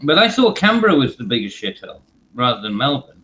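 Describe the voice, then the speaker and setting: A man's voice: mid-range voice, sing-song, fast talker, fairly bright tone, low-quality recording. A man in casual group chat who jokes and laughs often.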